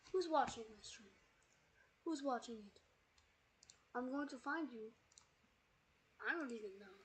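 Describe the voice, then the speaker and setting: A woman's voice: fairly high pitch, animated, unhurried, a little hiss or hum. A woman streamer in a put-on British accent, casually rambling as she explains a physics sandbox game while playing. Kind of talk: casual gameplay commentary.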